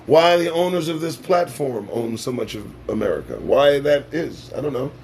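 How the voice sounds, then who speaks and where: A man's voice: medium pitch, lively intonation, moderate pace, darkish tone, a little hiss or hum. A man hosting a casual live-stream show, talking in a profane, sarcastic and preachy way. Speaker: livestream show host.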